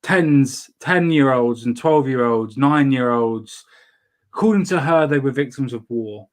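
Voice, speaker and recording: A man's voice: medium pitch, unhurried. A man hosting a casual chat show, swearing freely and often restarting his sentences. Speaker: show host.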